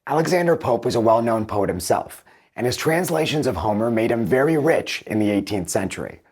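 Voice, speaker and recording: A man hosting a video, explaining and comparing book translations in a measured, thoughtful way. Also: mid-range voice, animated, darkish tone, husky. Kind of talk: explanatory commentary with read-aloud passages.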